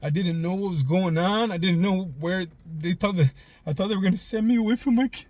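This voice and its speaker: A man's voice: sits high, brisk, a little mellow, no echo. A man in his forties hosting a confessional vlog from inside a parked car, raw and emotional, swearing freely and choking up as he talks. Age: 40s. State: tearful, choked up. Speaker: vlog host.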